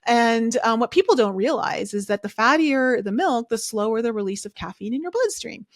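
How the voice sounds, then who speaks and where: A woman's voice: a little high, animated, normal speed, no room sound, studio quality. A woman hosting a podcast, giving a casual, opinionated recap of a reality show, talking chattily with lots of fillers. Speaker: podcast host.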